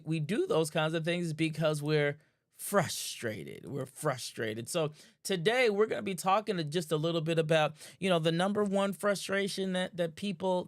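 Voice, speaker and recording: A man's voice: a little high, clean tone, no room sound, clean studio sound. A man hosting a live online show, talking in a casual, hyped-up way, repeating phrases, restarting often and tagging lines with "man.". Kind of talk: casual hyped-up livestream talk.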